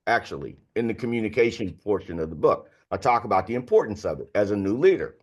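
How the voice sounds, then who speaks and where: A man's voice: fairly low pitch, sing-song, quick pace, breathy edge. Man in his sixties telling stories. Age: 60s. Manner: candid, anecdotal, heavy on filler phrases. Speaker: guest author. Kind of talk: podcast interview storytelling.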